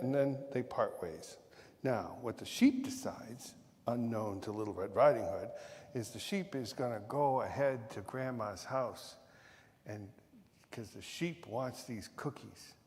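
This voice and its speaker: A man's voice: medium pitch, a little mellow. A male minister telling a playful story in a sermon, often correcting himself along the way. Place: church sanctuary. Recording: long reverb of a church hall.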